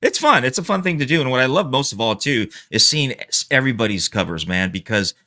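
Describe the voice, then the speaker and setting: A man's voice: medium pitch, lively intonation, fairly quick, bright, forceful tone. A man chatting enthusiastically about comic covers as a guest, repeating himself. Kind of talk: casual chat about comics.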